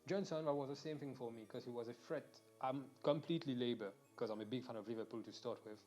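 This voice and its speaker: A man's voice: mid-range voice, fast, a little mellow, soft background music. A young man from Mauritius, ranting casually and animatedly during a game stream, swearing and restarting sentences.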